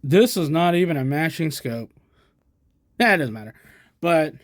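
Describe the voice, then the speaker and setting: A man's voice: fairly high pitch, animated, moderate pace, no room sound, studio quality. Chatty American man showing old gear. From United States. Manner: rambling, chatty, self-deprecating asides. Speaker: collector showing vintage gear. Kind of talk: casual show-and-tell. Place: indoors, at a camera stand.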